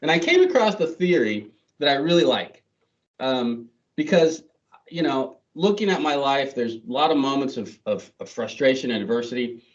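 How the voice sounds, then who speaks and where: A man's voice: mid-range voice, expressive, normal speed. Man telling his story from afar. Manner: chatty and self-deprecating, many fillers and restarts. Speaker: guest speaker. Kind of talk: storytelling talk to an audience. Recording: distant, dull lo-fi sound.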